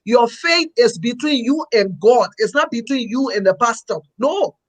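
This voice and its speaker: A man's voice: very high-pitched, lively intonation, moderate pace, rough recording. A man, a pastor co-hosting a talk show, speaking earnestly in a preachy, repetitive way. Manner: earnest, preachy, repeats himself. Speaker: pastor and co-host. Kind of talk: opinionated talk-show commentary.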